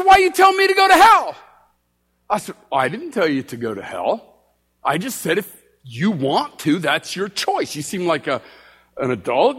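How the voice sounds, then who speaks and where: Animated preacher man in a reverberant church. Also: a little high, husky. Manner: animated, acts out both sides of dialogue. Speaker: street preacher. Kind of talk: storytelling sermon.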